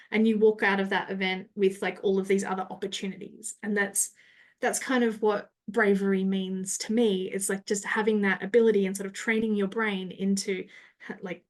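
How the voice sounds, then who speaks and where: A woman's voice: medium pitch, fairly even intonation, brisk. Woman coach explaining in a chatty way. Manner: coaching tone, often checks in with "right?" and "you know". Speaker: marketing coach, podcast guest. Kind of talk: casual explanatory talk.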